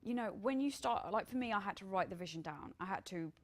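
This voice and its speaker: A woman's voice: mid-range voice, expressive, quick pace. A woman entrepreneur chatting casually and enthusiastically about building her business. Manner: enthusiastic, rambling with fillers. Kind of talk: casual chat.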